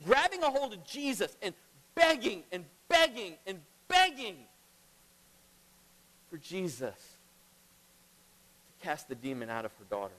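High-voiced man preaching in a hall. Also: big pitch swings, measured pace, long pauses. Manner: emphatic, swings between loud and hushed. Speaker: pastor. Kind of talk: sermon. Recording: long reverb of a large hall.

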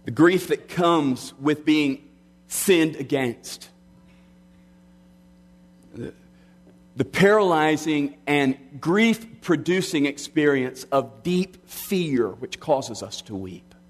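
A middle-aged man preaching a sermon with earnest delivery, slowing down and dropping quiet on key lines. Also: fairly high pitch, lively intonation. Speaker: pastor.

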